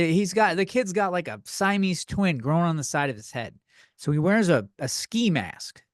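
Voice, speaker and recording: Man, podcast host, comedic rant, tipsy, high voice, repeats himself, loud outbursts. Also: no room sound, studio quality. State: tipsy from beer.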